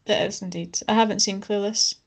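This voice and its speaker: A woman's voice: mid-range voice, fairly even intonation, fairly quick, breathy edge. A woman in her forties co-hosting a podcast in casual chat, with a dry, understated humour. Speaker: podcast co-host.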